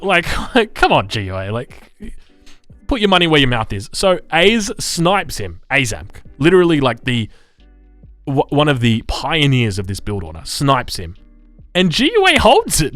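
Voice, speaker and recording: An Australian man streaming live, reading game patch notes and chatting with his chat in an animated, chuckling way. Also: mid-range voice, dry recording. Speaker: gaming streamer.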